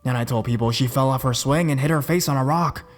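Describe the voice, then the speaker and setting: A man's voice: medium pitch, fast talker, lightly acted. A man reading a horror story, voicing a giddy, cruel mother who talks in a babyish little-girl voice and giggles gleefully. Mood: breathless.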